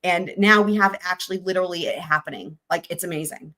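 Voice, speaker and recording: A woman with a fairly low, pushed and bright voice hosts a casual livestream at a quick pace. She reads court filings aloud and jokes around, often giggling and trailing off into laughter.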